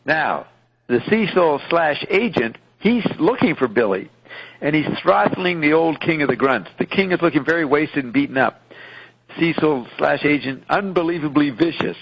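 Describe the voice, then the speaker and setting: A man's voice: a little high, vocal fry, breathy edge. A man hosting a radio show, reading out a film script and commenting on it casually with some profanity. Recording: muffled radio broadcast.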